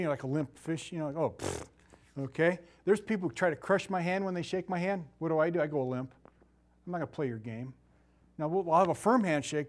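A middle-aged man preaching a sermon in a conversational, animated way, with asides and laughter. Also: a little high.

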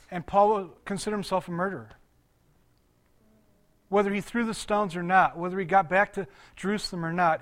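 A man's voice: high voice, a bit bright. An older man, a pastor, giving a conversational sermon, laughing often and quizzing his congregation.

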